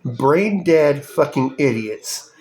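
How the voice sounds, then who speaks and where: This male podcast host has a medium-pitched, slightly mellow voice with lively intonation and a slow pace. He rants angrily with heavy swearing, slipping into mocking voices.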